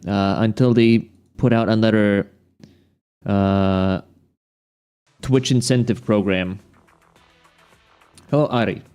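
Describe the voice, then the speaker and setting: A man's voice: on the low side, steady tone, takes it slowly, pauses often, darkish tone, smooth, soft background music. A young man streaming games, ranting casually, profane and exasperated, rambling with many restarts. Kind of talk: casual livestream rant.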